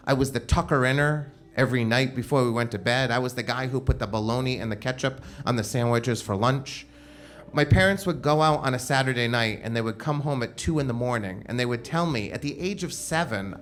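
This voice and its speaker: A man telling a personal story on stage at a live show, casual and comic, with frequent "like" fillers. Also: mid-range voice. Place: live show at a club venue.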